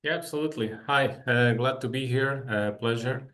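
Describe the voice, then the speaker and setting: A man's voice: mid-range voice, moderate pace, a bit bright. A man speaking as a panelist in an online discussion, friendly and hesitant with fillers.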